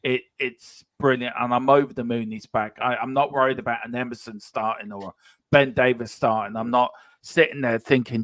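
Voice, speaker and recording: Man, football fan panelist, bright voice, dry sound, emphatic, repeats himself. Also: medium pitch, normal speed, dry recording. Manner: animated, emphatic, repeats phrases. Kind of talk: casual fan discussion.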